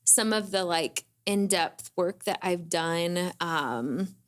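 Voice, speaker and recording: A woman guesting on a faith podcast, speaking in a thoughtful, measured way. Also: lowish voice. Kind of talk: casual faith conversation.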